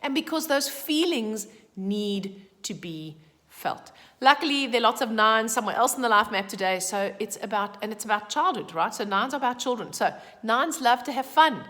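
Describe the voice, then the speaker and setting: A woman giving a casual, chatty daily numerology forecast, emphatic and animated with asides. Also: on the high side, moderate pace, long reverb tail. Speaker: numerology vlogger.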